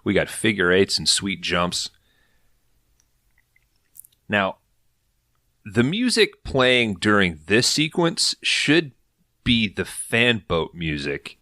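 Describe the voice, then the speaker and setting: A man hosting a podcast, recapping an episode in an animated, casual storytelling way with a lot of swearing. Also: on the low side, slow pace, pauses often, dry recording, clean studio sound. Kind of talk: casual chat.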